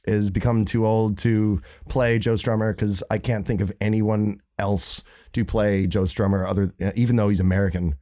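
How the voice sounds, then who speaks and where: A man, a musician guest in a casual chat, rambling and halting as he tells stories. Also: lowish voice, steady tone, dark tone.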